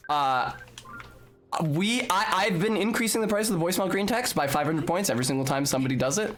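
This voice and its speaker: A young woman with a lowish, animated voice streams a video game, chatting casually with her audience. She jokes, swears freely and tosses quick asides to chat in her gameplay commentary, with slight background noise audible.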